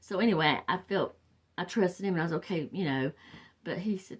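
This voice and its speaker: A woman's voice: fairly low pitch, brisk, husky. An older woman with a Southern US accent, chatting casually and rambling through a wreath-making tutorial. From the Carolinas, US. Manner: chatty, rambling, trails off and restarts. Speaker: wreath crafter. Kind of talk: casual crafting tutorial chat.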